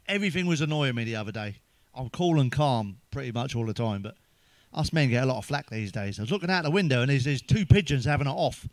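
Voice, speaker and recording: A man's voice: on the high side, dry recording. An English man doing crude one-liner stand-up, swearing heavily and laughing at his own jokes. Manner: sips a drink between jokes. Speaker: stand-up comedian.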